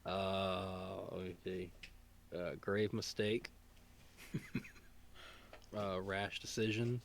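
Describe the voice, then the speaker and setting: A man's voice: deep voice, flat delivery, extremely slow, gravelly, slight background noise. A man co-hosting a casual podcast, rambling, swearing freely, with a voice strained from singing. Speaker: podcast co-host.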